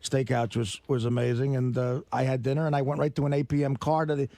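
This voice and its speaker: A man on a talk radio show, telling a story in animated comic banter and laughing often. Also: mid-range voice, fast, creaky, no echo.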